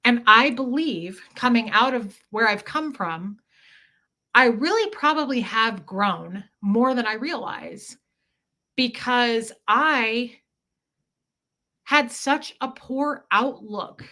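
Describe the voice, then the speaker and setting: A woman's voice: on the high side, lively intonation, takes it slowly, bright, forceful tone. A woman hosting a casual livestream, telling stories in a chatty way and acting out the dialogue as she goes. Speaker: livestream host.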